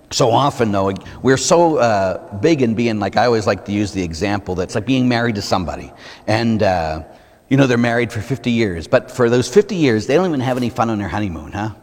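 A Catholic priest, a man, preaching a conversational sermon full of rhetorical questions and acted-out examples. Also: on the low side. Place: church. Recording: long reverb of a church.

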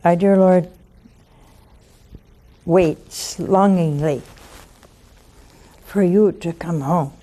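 A woman delivers a conversational sermon at an unhurried pace. Her voice is warm and mellow. She pleads with her listeners and coaxes them, often turning to them with rhetorical asides. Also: on the low side. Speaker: preacher and call-in show host.

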